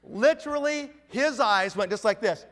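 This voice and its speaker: A middle-aged man telling a story to an audience, lively and acting out the people in it. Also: very high-pitched, moderate pace. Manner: animated, acts out the people in his story. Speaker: business speaker. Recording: long reverb of a large hall.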